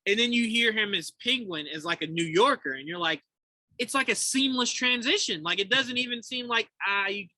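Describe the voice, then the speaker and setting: A man co-hosting a podcast in casual chat, animated and laughing often, acting out quotes as he talks. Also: high-pitched, moderate pace, dry recording, rough recording. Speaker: podcast co-host.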